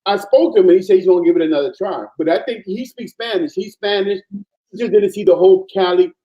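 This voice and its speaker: Man from Panama, guest in casual chat, animated and emphatic, fairly high pitch, mellow dark tone, dull lo-fi sound. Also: fast.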